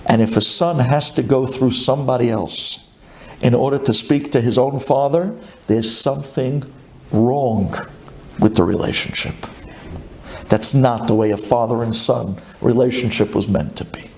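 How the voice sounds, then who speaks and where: A male rabbi giving a sermon and telling the story dramatically, with Hebrew and Yiddish terms in his English. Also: unhurried. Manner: animated storytelling with big swings in pitch and volume.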